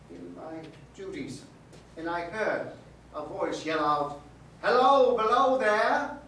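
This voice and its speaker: Haunted old-style railway signalman, as a storyteller does him, halting and solemn, fairly high voice, echoey hall from far off. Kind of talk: live storytelling performance. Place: museum event space. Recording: echoey hall, mic far off, faint noise.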